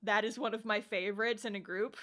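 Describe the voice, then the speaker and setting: A young adult woman hosting a podcast, reviewing anime in casual chat. She is animated, laughs often and swears casually. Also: mid-range voice, fairly quick. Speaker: podcast host.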